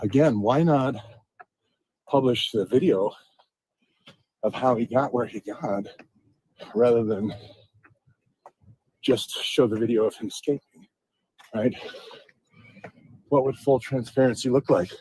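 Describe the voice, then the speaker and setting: A man's voice: medium pitch, slow pace, long pauses, dark tone, husky, no room sound. A man giving casual, rambling commentary over video clips as a channel host, posing rhetorical questions.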